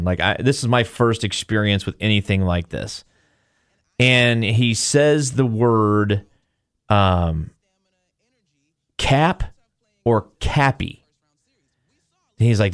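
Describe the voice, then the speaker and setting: A man's voice: lowish voice, unhurried, pauses often, clear, resonant tone, no echo, studio quality. A male podcast host retells a story casually, acting out quotes as he goes. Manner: animated retelling, acts out quotes.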